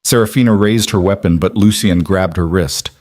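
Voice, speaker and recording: Male narrator, low, measured, dry close audiobook read. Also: a little mellow, no echo. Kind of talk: scripted narration.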